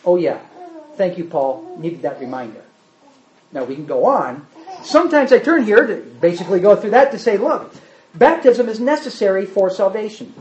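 A man's voice: high-pitched, sing-song, moderate pace, darkish tone, echoey room. A man preaching a sermon emphatically, putting rhetorical questions to the congregation. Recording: dull lo-fi sermon recording.

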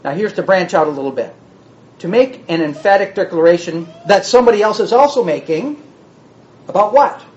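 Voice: mid-range voice, animated, brisk, a little mellow. Bible teacher explaining a word, dull recording. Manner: explanatory, reads verses aloud then restates them.

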